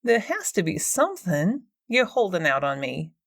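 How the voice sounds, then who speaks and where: A woman's voice: on the low side, big pitch swings, moderate pace, dry recording, studio quality. A woman putting on a smarmy know-it-all investigator. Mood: pushy. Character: smug pushy female paranormal investigator.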